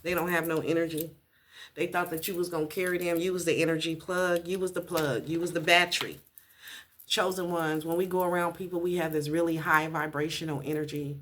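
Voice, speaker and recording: A woman's voice: sits low, steady tone, brisk, fairly bright tone, slight background noise. A woman giving a casual tarot reading, blunt and profane, repeating her points for emphasis. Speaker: tarot reader.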